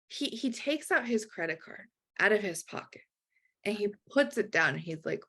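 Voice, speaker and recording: A woman life coach telling a personal story in an animated way, acting out quoted voices and often saying "like". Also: medium pitch, normal speed, husky. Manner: acts out quoted voices, frequent "like".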